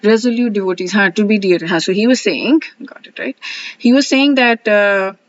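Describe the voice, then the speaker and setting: A woman's voice: medium pitch, normal speed, dry recording, lo-fi sound. Chatty woman explaining scripture. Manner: chatty, reads quotes, frequent fillers and laughs. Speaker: scripture study host. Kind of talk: casual verse commentary.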